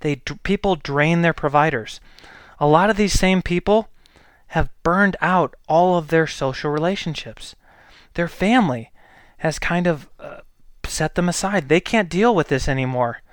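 A healthcare provider gives a blunt, exasperated opinion monologue at a measured pace, pressing hard on every point. His slightly high voice is smooth and resonant. It's recorded close and dry, with no room echo.

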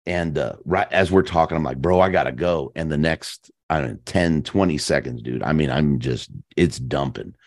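A man with an extremely low, deep voice tells hunting stories as a podcast guest. He talks in an animated, easygoing way and sprinkles his sentences with slang. The sound is dry and close, with no room echo. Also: moderate pace, hardly any pauses. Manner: animated, slangy, peppers speech with "man" and "dude". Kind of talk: casual storytelling chat.

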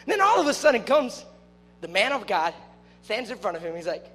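A young man giving a casual, playful youth sermon, joking and breaking into loud excited shouts. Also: high-pitched, fast talker, slightly rough. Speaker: youth preacher. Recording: long hall reverb with faint music.

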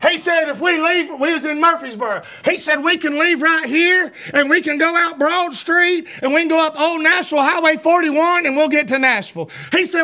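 A man preaching a fervent sermon, often shouting and stumbling over repeated words. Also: very high-pitched, a little fast, hardly any pauses.

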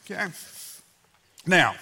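A man in his sixties preaching a sermon, telling folksy family stories with sudden loud outbursts and soft asides. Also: slow. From Southern United States. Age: 60s. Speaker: pastor. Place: church sanctuary. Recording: long hall reverb.

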